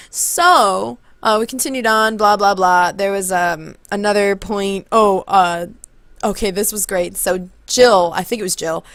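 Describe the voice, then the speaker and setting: A young woman telling a story in a casual vlog, excited and rambling, often backtracking to fix the order of events. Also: medium pitch, no room sound. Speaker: vlogger.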